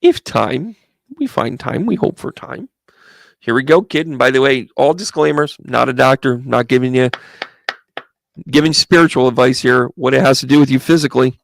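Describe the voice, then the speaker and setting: A chatty man reads tarot cards for a live-stream audience and greets viewers by name as he talks through each card. His voice has a gravelly, creaky edge at an everyday middle pitch, and the sound is close and dry. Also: normal speed, dry recording. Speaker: psychic medium giving tarot readings.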